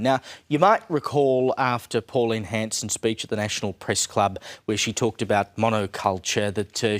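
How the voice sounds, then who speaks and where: A man with an Australian accent giving casual, sardonic political commentary on a panel, often pausing with fillers. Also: medium pitch.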